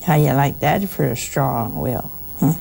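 A woman with a gravelly, creaky voice gives a spiritual talk to people listening at home. She tells stories with homespun humor and acts out the people she quotes, with a faint hiss under her voice. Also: very deep voice, animated, a little slow, dark tone. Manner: folksy, humorous storytelling. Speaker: religious speaker. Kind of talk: spiritual talk to a broadcast audience.

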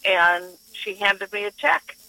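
A woman calling in to a radio show, telling a story in an animated way and acting out what others said. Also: mid-range voice, slow pace, vocal fry, dry recording, low-quality recording. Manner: animated storyteller who acts out the quoted voices. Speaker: caller.

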